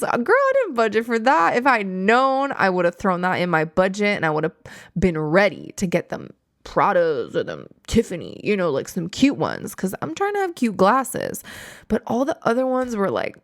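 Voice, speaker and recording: A woman in her late twenties hosting a podcast, chatting casually in a slangy, animated storytelling way. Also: medium pitch, creaky, no echo, clean studio sound. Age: 20s. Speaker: podcast host. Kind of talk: casual chat.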